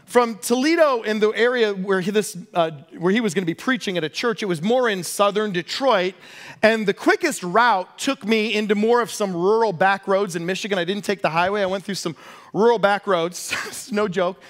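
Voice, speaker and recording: A pastor preaching a sermon, telling a personal story with lively, self-deprecating humor. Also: male voice, sits high, moderate pace.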